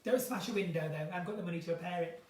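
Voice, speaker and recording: A woman hosting a casual live chat from her kitchen at home, theatrical and chatty, swinging between bright exclamations and low asides. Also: racing. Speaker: live-stream host chatting with viewers. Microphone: phone or webcam in a live stream. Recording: roomy, distant from the mic.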